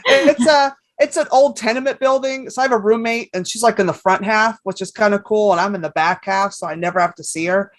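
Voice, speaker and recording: A woman comedian in her fifties chats on a podcast in a mid-pitched voice. She tells stories in an animated, casual way and swears freely. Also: fairly quick, hardly any pauses, no echo. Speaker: comedian guest.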